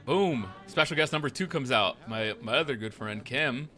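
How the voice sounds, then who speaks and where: A man's voice: mid-range voice, normal speed, bright, forceful tone, soft background music. A man casually retelling events from a roleplay game, rambling and profane, acting out the lines of others. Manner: profane, rambling, acts out the quotes. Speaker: roleplay streamer.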